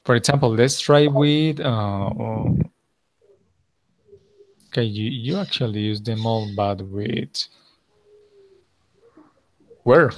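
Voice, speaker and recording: A man's voice: mid-range voice, slow pace, pauses often, dry recording. A man with a Colombian Spanish accent and Spanish as his first language, patiently teaching English grammar step by step in an online lesson. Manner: patient, explains step by step, switches to Spanish to clarify.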